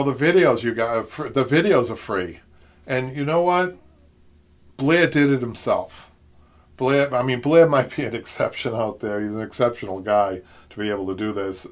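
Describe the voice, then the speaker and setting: A man's voice: fairly low pitch, normal speed. A man with a Boston accent hosting a live upholstery show, chatting and rambling through viewer comments with frequent laughs. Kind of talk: live-stream chat reading viewer comments.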